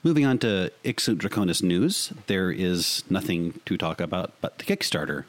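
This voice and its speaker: Deep-voiced man hosting a podcast. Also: big pitch swings, moderate pace. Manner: jokey, chatty, pitching for donations. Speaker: podcast host. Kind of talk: casual podcast chat.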